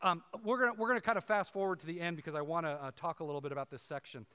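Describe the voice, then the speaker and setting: Male pastor, casual preaching with asides to the room, high voice, reverberant church. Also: steady tone, racing, bright, forceful tone, clean tone. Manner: conversational, asides to the congregation. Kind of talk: sermon. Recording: long hall reverb.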